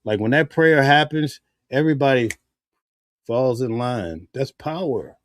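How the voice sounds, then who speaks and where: A man's voice: mid-range voice, lively intonation, measured pace, a little hiss or hum. A man giving casual spoken commentary in a heated, preachy way, full of rhetorical questions. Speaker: vlogger.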